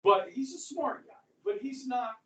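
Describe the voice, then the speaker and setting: A man's voice: very high-pitched, lively intonation, a little slow, bright, forceful tone. Male American history teacher, casual storytelling lecture, recorded at a distance in a roomy classroom. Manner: chatty storytelling with frequent "okay?" check-ins. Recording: echoey classroom from far off.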